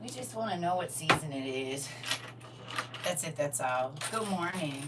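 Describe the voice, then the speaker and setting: The faint hum of a slightly distant mic comes through as a middle-aged woman hosts a casual morning livestream from home. Low-pitched and animated at a normal speed, she laughs often and greets her viewers by name.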